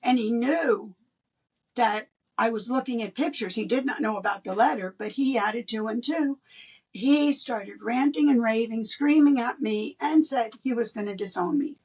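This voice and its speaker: An older woman, a guest in an interview, telling a personal story in an animated way and laughing between lines. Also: a little high, moderate pace, slightly rough, distant mic.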